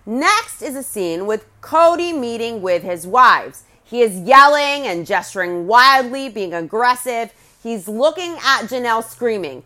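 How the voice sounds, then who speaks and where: A woman's voice: on the high side, lively intonation, measured pace, fairly bright tone. A woman hosting a podcast, giving blunt, scornful recap commentary with crude put-downs. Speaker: podcast host.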